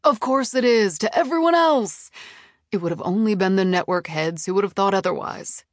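A woman voicing a smooth, impatient male TV executive in an audiobook, patronizing and defensive. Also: fairly low pitch, fairly even intonation, brisk, dry recording, clean studio sound, close to an everyday voice. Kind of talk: audiobook character reading.

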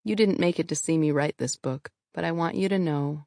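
Low-voiced woman reading her frank memoir. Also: fairly quick, vocal fry, a little mellow, no echo, clean studio sound. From New York, USA. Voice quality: candid, frank. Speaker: author reading her own book. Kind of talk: audiobook memoir narration.

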